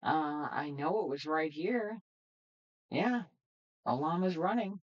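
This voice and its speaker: A woman's voice: low-pitched, expressive, takes it slowly, pauses often, lo-fi sound. A woman streaming casually, chatting in a rambling way with lots of fillers while she tests her setup. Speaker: streamer and developer. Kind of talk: casual livestream chat.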